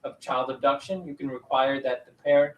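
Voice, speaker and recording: A man, a lawyer and guest on a talk show, explaining legal rules in a calm, clear way. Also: medium pitch, a little fast, poor audio. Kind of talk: explaining law in an interview.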